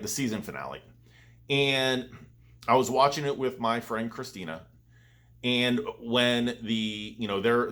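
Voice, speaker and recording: A man's voice: fairly low pitch, fairly bright tone. A man hosting his own vlog, chatting casually and rambling enthusiastically as he tells a story. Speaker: vlogger, channel host.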